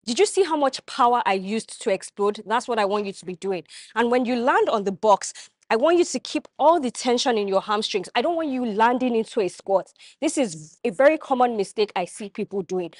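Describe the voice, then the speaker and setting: A woman's voice: on the high side, lively intonation, a little fast, no room sound, studio quality. A young woman vlogging her workout in a gym, coaching viewers with energy as she demonstrates the exercises. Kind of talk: instructional workout vlog.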